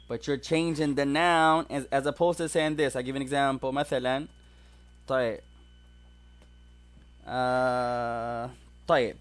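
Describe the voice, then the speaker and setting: A man's voice: mid-range voice, steady tone, normal speed, pauses often, clean tone. A man teaching an Arabic grammar class, explaining step by step and mixing English with Arabic examples.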